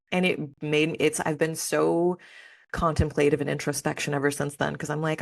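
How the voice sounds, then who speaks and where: Woman podcast host, low voice, dry close sound, candid and emotional, casual fillers. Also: steady tone, fairly quick, creaky, dry recording. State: near tears at times. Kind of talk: personal spiritual podcast monologue.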